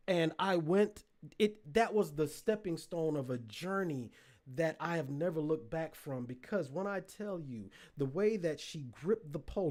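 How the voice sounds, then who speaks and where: A man's voice: sits high, warm tone. A man hosting a talk show, giving comic commentary with playful exaggeration and repeated words as he builds up a story. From Decatur. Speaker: podcast host. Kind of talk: comedic commentary.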